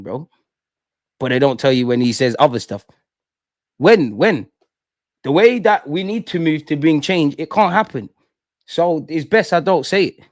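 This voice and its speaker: A man's voice: fairly high pitch, no echo, clean studio sound. A young man hosting a live fan show, ranting with passion, repeating himself and using slang. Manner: impassioned, repetitive, slangy ranting. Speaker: fan channel host. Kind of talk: emotional fan rant to live stream.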